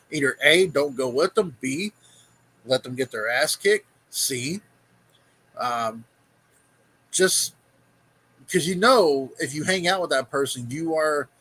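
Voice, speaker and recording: A man's voice: mid-range voice, pushed and bright, husky, low-quality recording. A man hosting a reaction video, giving blunt, profane advice in casual commentary. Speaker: vlog host reacting to a video.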